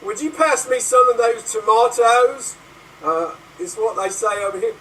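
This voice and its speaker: A man's voice: high voice, expressive, normal speed, a bit bright, far from the mic, slight background noise, rough recording. A man playing in an improvised comedy scene, switching playfully between characters. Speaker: improv performer.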